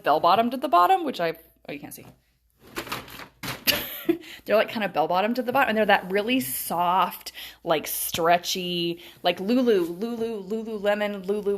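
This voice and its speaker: An excitable woman in her thirties chats on a live stream from a hotel room. She swears freely and strings her thoughts together with lots of fillers. She talks into a phone camera. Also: mid-range voice. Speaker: vlogger. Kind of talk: casual live-stream chat.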